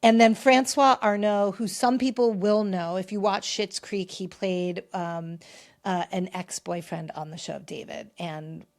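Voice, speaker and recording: A woman hosting a pop culture podcast, talking in a chatty, opinionated way and often swinging between loud and quiet. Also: mid-range voice, steady tone, measured pace. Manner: chatty, opinionated, shifts loudness a lot. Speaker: podcast host. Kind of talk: casual pop culture commentary.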